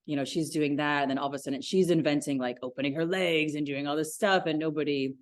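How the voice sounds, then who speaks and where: A woman in her forties, a yoga teacher, talking about her practice in a casual podcast interview, enthusiastic and quick to laugh. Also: low voice, fairly even intonation, dry recording, clean studio sound. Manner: enthusiastic, laughs easily, thoughtful.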